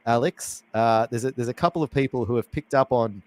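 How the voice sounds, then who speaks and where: A man hosting a live cooking show in a chatty, self-deprecating way. His voice sits at an ordinary middle pitch, and he keeps the banter light. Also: a little fast, darkish tone, dry recording, low-quality recording. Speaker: host.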